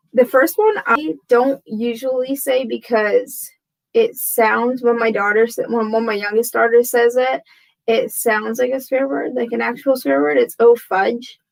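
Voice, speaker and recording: A woman's voice: fairly high pitch, gravelly, poor audio. A woman in her thirties chatting casually to camera from home, rambling and self-deprecating, tired and frazzled, laughing often. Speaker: vlogger. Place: home room with torn wallpaper.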